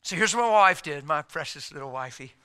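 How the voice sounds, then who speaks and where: A middle-aged man preaching a sermon, telling a personal story and swinging from loud outbursts to hushed asides. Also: on the high side, fairly quick, smooth. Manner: animated, swings from loud to hushed, acts out quotes.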